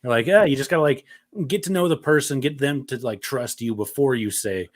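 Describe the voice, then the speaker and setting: A man's voice: mid-range voice, a little fast, no echo. A man co-hosting a movie podcast, chatting casually and acting out scenes. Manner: animated, acts out scenes in quoted voices. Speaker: podcast co-host. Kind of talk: casual movie review chat.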